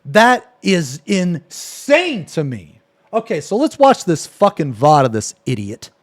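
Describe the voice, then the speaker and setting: A man's voice: a little high, huge pitch swings, slow pace. A male streamer ranting angrily on a live stream, cursing and repeating himself as he reacts to a clip. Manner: angry, profane, repetitive ranting.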